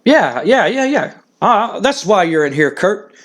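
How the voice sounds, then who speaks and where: A man's voice: sits high, big pitch swings, a little slow, a bit bright, voice pushed up, exaggerated voice. A man voicing a bossy older company owner, blustery and pushy, with little change from his own voice. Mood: scheming.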